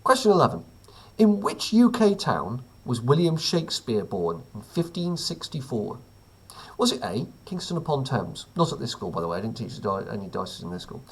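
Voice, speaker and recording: A male teacher reads out a current-events quiz from home, tossing in wry, offhand jokes. His voice is slightly husky and swings up and down a lot as he talks. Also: mid-range voice, very animated, moderate pace. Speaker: teacher running a weekly quiz. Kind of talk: casual quiz reading with asides.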